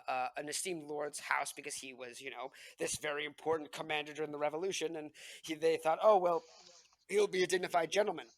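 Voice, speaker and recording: A man's voice: fairly high pitch, dry recording. A young man co-hosting a casual history podcast, telling stories in a rambling way, full of fillers and restarts. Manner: rambling, many fillers and restarts, animated storytelling. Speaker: podcast co-host.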